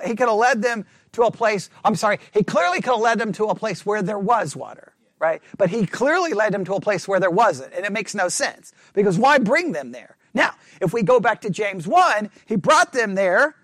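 A man delivering a sermon as a Bible study teacher, his voice sitting high for a man. He talks in an animated, self-mocking way, peppering points with "right?" to the room. The sound is dry and close. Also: no room sound. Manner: frequent "right?" check-ins with listeners.

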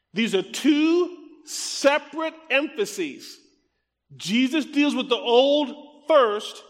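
A middle-aged man preaching a sermon, reading scripture slowly and emphatically, then breaking into quick conversational asides to the congregation. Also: high voice. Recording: long reverb of a large hall.

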